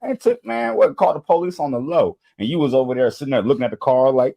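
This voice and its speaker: A man hosts a casual reaction video, with a mid-pitched voice that swings widely as he jokes. He talks in loose slang and keeps breaking into short impressions of the people he's watching. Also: vocal fry, muffled recording. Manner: animated and slangy, acts out quick impressions.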